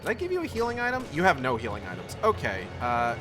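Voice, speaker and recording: Guy narrating his game stream, swears a lot, voice bouncing up and down, game music clear behind. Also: a little high, huge pitch swings, fast talker. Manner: swears casually, self-mocking, chatty. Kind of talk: let's play commentary.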